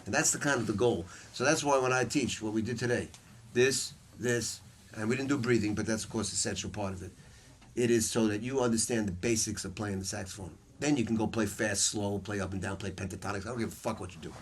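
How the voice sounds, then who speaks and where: A lower-voiced man teaches a room of saxophone students, blunt and profane as he spins stories. A faint hiss sits under his voice. He talks like a straight-shooting old hand. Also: fast talker. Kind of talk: masterclass talk to students. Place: music store room with students.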